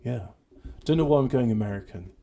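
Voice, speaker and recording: A man hosting casual livestream banter, rambling with a mock sales-pitch delivery into a home computer microphone. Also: expressive, a little fast, gravelly, dark tone. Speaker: show host.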